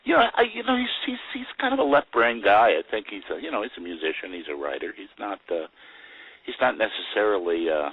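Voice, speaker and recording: A man's voice: lowish voice, a little fast, breathy edge, no room sound, phone-quality sound. An older man, a guest actor, telling chuckling anecdotes in a casual interview. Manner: chuckling storyteller with lively voices for quoted people.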